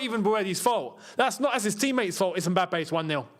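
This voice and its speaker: Excitable man calling a live match. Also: high voice. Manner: excitable, rapid-fire name calling, bursts of laughter. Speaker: football watchalong host. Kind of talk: live match commentary and chat.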